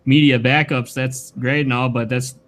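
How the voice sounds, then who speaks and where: A man guest in casual podcast chat, relaxed with a few hesitations. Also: medium pitch, normal speed.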